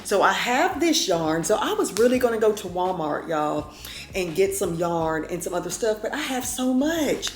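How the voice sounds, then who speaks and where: A woman's voice: medium pitch, sing-song, moderate pace, slight background noise. Chatty woman in her fifties, roomy echo. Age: 50s. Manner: chatty, folksy, keeps calling viewers y'all. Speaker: vlogger. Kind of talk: casual chat to camera.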